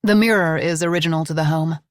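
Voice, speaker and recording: A woman's voice: low-pitched, fast, no echo, studio quality, close to an everyday voice. A woman voicing a poised female hostess of a mansion, dramatic and eager to please. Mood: proud.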